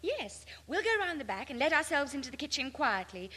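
Brisk young sister. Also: female voice, high voice, big pitch swings, sharp tone, heavily acted. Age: young adult. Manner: brisk, determined. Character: sharp, determined young woman. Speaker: older sister. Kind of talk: 1950s radio sitcom acting.

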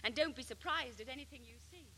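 Brisk young sister. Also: female voice, high voice, pushed and bright, a little hiss or hum. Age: young adult. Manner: brisk, determined. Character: sharp, determined young woman. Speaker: older sister. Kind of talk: 1950s radio sitcom acting.

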